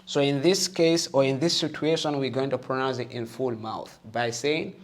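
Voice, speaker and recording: A man teaching the Arabic alphabet and Quran reading, patient and encouraging, often checking with "okay?" and sounding out each letter loudly for listeners to repeat. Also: medium pitch, steady tone, moderate pace. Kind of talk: slow patient alphabet lesson with call-and-repeat.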